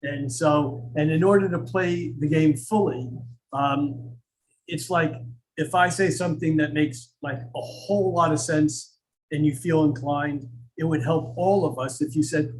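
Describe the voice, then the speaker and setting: At a coffeehouse event, a man hosts a live astrology evening, chatting and telling stories in a rambling, self-deprecating way packed with fillers. His voice is a little high with fairly even intonation, he speaks a little slowly, and the audio is poor.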